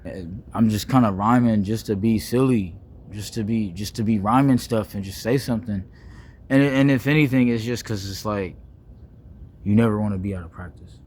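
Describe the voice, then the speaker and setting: A young man, rambling playfully in a casual vlog monologue, full of slang, restarts and deliberately wordy phrasing. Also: on the low side, a little mellow. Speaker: vlogger.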